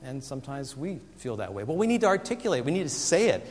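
A man preaching a sermon, animated and dramatic, acting out the voices he quotes. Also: mid-range voice, quick pace, long reverb tail. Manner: animated, acts out quoted voices with big swings. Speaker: pastor.

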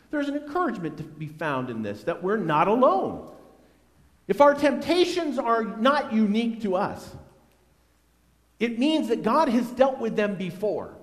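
A man preaching a sermon as a pastor, earnest and conversational, with strong swings between loud and soft. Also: very high voice, big-room sound.

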